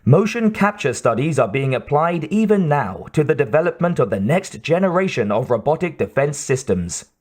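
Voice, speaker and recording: A man's voice: fairly high pitch, big pitch swings, normal speed, darkish tone. A man doing a persuasive promo-video narrator. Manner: persuasive, salesy. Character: male promo video narrator, smooth salesman.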